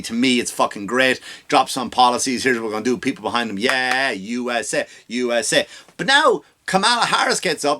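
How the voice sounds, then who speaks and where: Sarcastic man ranting with a bright edge. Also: medium pitch. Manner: sarcastic, profane; mocking, exaggerated. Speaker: comedy podcast host. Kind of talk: comedic rant.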